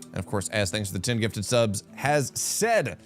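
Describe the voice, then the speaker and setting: A man doing live-streamed esports commentary, animated and chatty with rambling asides. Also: lowish voice, moderate pace, faint music behind.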